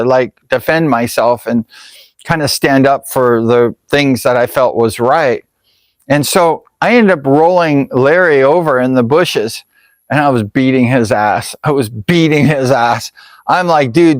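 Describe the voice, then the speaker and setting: Rambling man telling a story, somewhat high-pitched. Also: no room sound. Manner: rambling, full of "like" and "you know". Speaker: vlogger. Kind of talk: casual personal storytelling.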